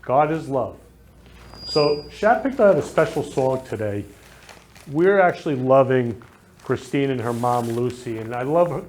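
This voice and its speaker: A man's voice: medium pitch, a little mellow, slight background noise. A man hosting a casual talk show, gushing and sentimental, showering guests and viewers with affection. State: emotional, near tears. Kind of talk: casual live show chat.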